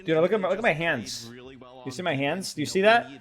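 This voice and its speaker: His voice a little high and fairly quick, a young man offers casual commentary while co-streaming an esports match. He analyzes the plays, cracks jokes, and speaks directly to his chat in an animated way.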